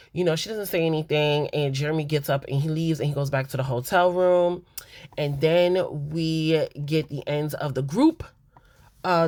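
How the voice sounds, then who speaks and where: A woman's voice: low-pitched, darkish tone, dry recording. A woman hosting a reality TV recap, talking candidly and emphatically straight to her viewers in a casual, opinionated way.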